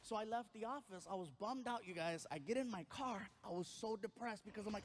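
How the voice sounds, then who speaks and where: A man with a very high voice telling a stand-up comedy story. He is animated and jumps into other people's voices as he goes. A faint hiss sits under the recording. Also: fairly quick.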